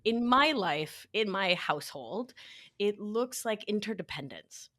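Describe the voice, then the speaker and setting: Woman guest, life coach type, bright voice, joking and playful in casual chat, close dry mic. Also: medium pitch, expressive, no echo. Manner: playful, jokey, quick asides. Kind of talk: casual podcast conversation.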